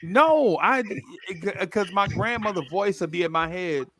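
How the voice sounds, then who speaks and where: A man hosting a casual podcast chat, telling animated stories and laughing easily. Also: sits high, normal speed, crowd noise. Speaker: podcast host.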